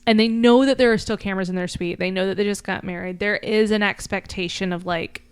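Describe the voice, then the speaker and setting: A woman's voice: mid-range voice, steady tone, fast, clear, resonant tone, no echo. A woman podcast co-host casually recapping a book's plot, chatty and full of fillers, briefly acting out quoted lines. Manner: chatty, lots of likes and ums, acts out quoted lines. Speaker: podcast co-host summarizing a book. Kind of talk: casual chat recapping a story.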